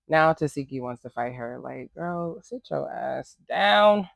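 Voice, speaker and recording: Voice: mid-range voice, dry recording. A host giving casual, sassy reaction commentary on a reality show, blunt and full of rambling asides.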